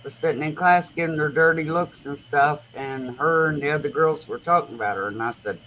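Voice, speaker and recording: Speaking a little fast in a low-pitched voice, this host tells meandering, lively stories with relaxed, colloquial grammar. It's a casual chat captured in a noisy home recording.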